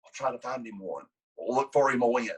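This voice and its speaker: Brisk and mid-range with a breathy edge, the voice comes through a low-quality recording. It belongs to a wrestling coach whose long interview story rambles with many restarts, perking up as he acts out what people said.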